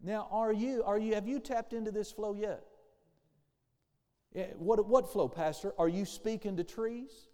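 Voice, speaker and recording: A man preaching a sermon with a high, mellow voice. He calls for amens and slips into the voices of the people he quotes. His words ring out into a hall with a long tail of reverb. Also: a little slow. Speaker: pastor.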